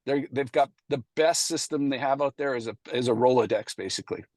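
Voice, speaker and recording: Middle-aged man, mid-pitched, loose anecdotal delivery, dry close sound. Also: brisk, darkish tone, no room sound. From Canada. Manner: anecdotal, acts out past dialogue, frequent fillers. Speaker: presenter at a committee meeting. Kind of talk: casual storytelling presentation.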